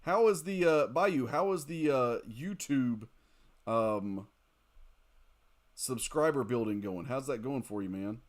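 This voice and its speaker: A man's voice: mid-range voice, slow pace. A man streaming a mobile game late at night, chatting casually, reading viewer comments aloud, joking and laughing often. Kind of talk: casual live-stream chat while playing.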